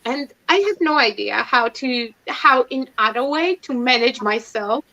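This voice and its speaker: High, bright woman chatting on a stream. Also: expressive, measured pace. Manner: chatty, self-mocking, laughs often. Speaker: livestream host. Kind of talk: casual chat. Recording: dull lo-fi stream audio.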